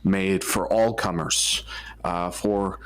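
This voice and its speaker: A man narrating a tabletop role-playing game as game master, unhurried, with many filler sounds. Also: low-pitched, fairly even intonation, smooth.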